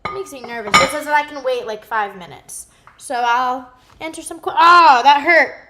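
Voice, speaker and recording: Woman, goofy rambling livestream chat, high voice, echoey kitchen. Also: animated, moderate pace, background noise. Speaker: vlogger cooking live. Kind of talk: casual livestream chat while cooking. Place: home kitchen.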